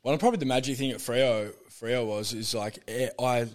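A man's voice: mid-range voice, brisk. A young Australian man, a former pro footballer, telling stories in casual chat, swearing and laughing often.

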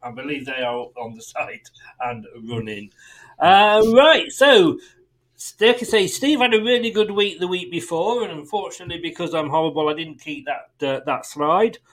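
Chatty high-voiced male podcast host. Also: animated, moderate pace, fairly bright tone. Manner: chatty, laughs often, self-mocking. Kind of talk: casual chat.

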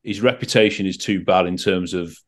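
A man's voice: sits low, fairly quick. A man giving opinions in a casual film podcast chat. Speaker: podcast co-host.

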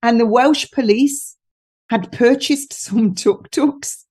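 This UK guest nutritionist speaks slowly in a fairly high, slightly rough voice with a darkish tone. Chatting on a relaxed podcast, she mocks freely and keeps breaking into laughter mid-story.

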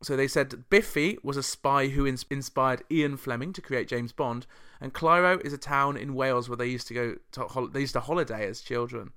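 Man from the UK, chart show host, sarcastic, chatty commentary, bright voice, crisp and clear. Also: medium pitch, moderate pace. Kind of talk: casual commentary.

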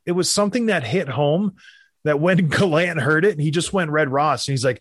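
A man who used to play hockey, hosting a casual sports talk show and giving animated, opinionated rants. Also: a little high, normal speed, dry recording, clean studio sound. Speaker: podcast host, former hockey player.

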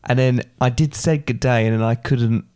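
Relaxed man co-hosting a podcast. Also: medium pitch, normal speed, smooth, dry recording. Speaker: podcast co-host. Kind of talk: casual chat.

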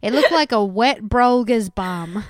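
Smooth-voiced, blunt woman. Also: fairly high pitch, expressive, slow, no room sound, clean studio sound. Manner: blunt, opinionated, chatty. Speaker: podcast co-host. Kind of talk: casual recap chat.

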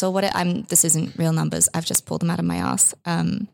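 A woman's voice: fairly low pitch, fairly even intonation, fairly quick, creaky, few pauses, darkish tone. A woman co-hosting a podcast in casual chat, talking freely with lots of fillers and the odd swear word. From immigrant living in Australia. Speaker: podcast co-host.

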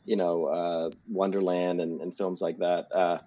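A deep, husky-voiced man co-hosting a podcast and talking about films. He rambles, circling back with fillers and restarts. The audio is slightly dull and lo-fi. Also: little pitch movement, unhurried, dark tone. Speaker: podcast co-host. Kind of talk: casual film discussion.

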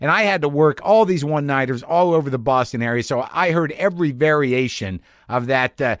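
A man's voice: a little high, brisk, few pauses, dry recording, studio quality. A man in his forties hosting a podcast from his garage, telling a rambling, profane story and questioning himself as he goes. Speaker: podcast host. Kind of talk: casual monologue. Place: home garage studio.

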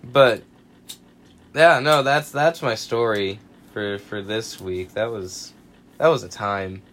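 A man in his twenties, a podcast co-host, telling a rowdy story casually, swearing freely and acting out quotes loudly. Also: lowish voice, slow, a little hiss or hum.

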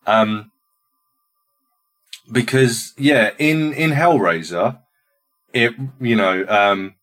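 A man's voice: mid-range voice, extremely slow, a bit bright. A man co-hosting a podcast, sharing his reactions to music in a casual, hesitant way, with frequent restarts and filler sounds.

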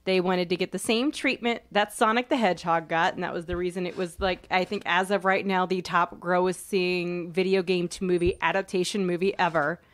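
A woman co-hosting a casual chat show, wry and teasing, with quick opinions. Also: fairly low pitch, steady tone.

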